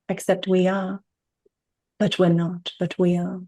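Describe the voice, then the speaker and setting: A woman's voice: fairly low pitch, drawn-out words, warm tone, slightly rough. A woman in a group video call, talking in an affectionate, playful way. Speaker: group participant.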